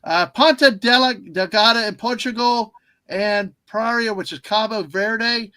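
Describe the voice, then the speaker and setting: A man hosts a casual livestream in a rambling, easily distracted way. His voice is high and bright. The sound is dry and close. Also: unhurried, clean tone, no room sound. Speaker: livestream host.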